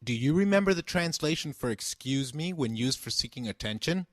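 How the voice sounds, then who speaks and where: A man's voice: medium pitch, expressive, a little fast, dry recording, studio quality. A man giving a scripted language lesson, patiently saying phrases and asking the listener to repeat them. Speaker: language teacher.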